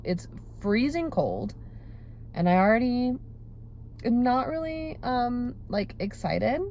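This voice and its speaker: A woman's voice: a little high, animated, a little slow, darkish tone, a little hiss or hum. A woman in her thirties chatting casually to a phone camera from her parked car, rambling and self-deprecating with lots of fillers. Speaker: vlogger. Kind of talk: casual vlog chat. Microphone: phone held close.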